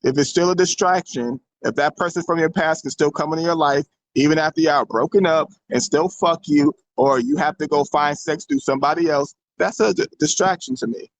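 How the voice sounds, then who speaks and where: A man's voice: on the high side, a little fast, few pauses, dry recording, rough recording. Blunt, outspoken man host. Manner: blunt, emphatic, profane. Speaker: show host. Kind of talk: casual opinion commentary.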